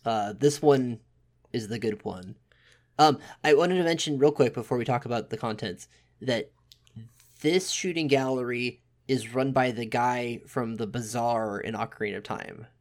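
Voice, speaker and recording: A man's voice: mid-range voice, normal speed. A man co-hosting a casual podcast, chatting in an easygoing, agreeable way. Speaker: podcast co-host. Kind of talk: casual chat.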